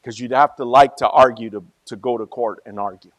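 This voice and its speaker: A male pastor preaching a sermon in a conversational way, moving from soft asides to loud, emphatic peaks. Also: mid-range voice, steady tone, brisk, no room sound.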